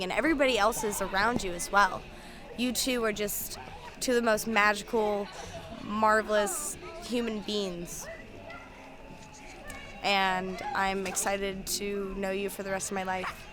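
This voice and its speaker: A woman with a mid-range voice gives a heartfelt wedding toast. She speaks earnestly and gushes with praise for the couple. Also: mid-range voice. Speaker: wedding guest giving a toast.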